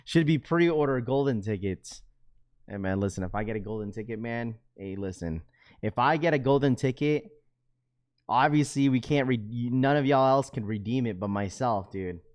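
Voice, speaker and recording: Young man, live-stream host, middle pitch, casual slangy banter, reads chat aloud, gets loud and high when worked up. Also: normal speed. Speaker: livestream host.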